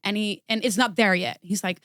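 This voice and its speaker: A woman guest vocalist chatting casually on a podcast, halting and self-deprecating, often restarting her sentences. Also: mid-range voice, fairly even intonation, fairly bright tone, no echo, studio quality.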